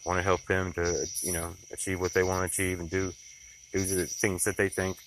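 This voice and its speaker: A man's voice: low voice, monotone, a little fast, noisy background. A young man, rambling and reflective in a casual daily video diary about being a father. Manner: rambling, reflective, with many fillers and restarts. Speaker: vlogger, father.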